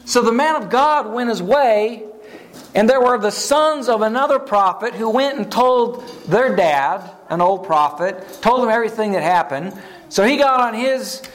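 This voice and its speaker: A man preaches a sermon, retelling a story and stopping to ask his listeners questions. His voice sits very high, and he often repeats words as he goes.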